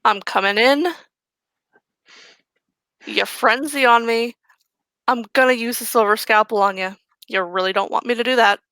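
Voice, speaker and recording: Woman as fierce pregnant werewolf mom, blunt, threatening, high bright voice, dry close sound. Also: fairly even intonation, normal speed, long pauses, no echo, low-quality recording. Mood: defiant.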